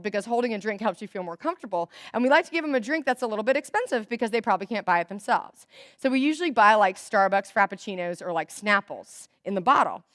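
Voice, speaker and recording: A young adult woman giving a chatty, animated storytelling talk to church volunteers, acting out bits of dialogue. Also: medium pitch, dry recording, clean studio sound. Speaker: guest speaker at a church volunteer event. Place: church hall.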